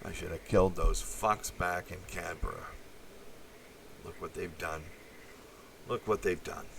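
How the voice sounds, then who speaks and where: Brief: man playing a grim dead soldier, low and resentful, barely above a mutter. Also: fairly even intonation, unhurried, creaky, slight background noise. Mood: bitter. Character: bitter dead male soldier looking back, angry.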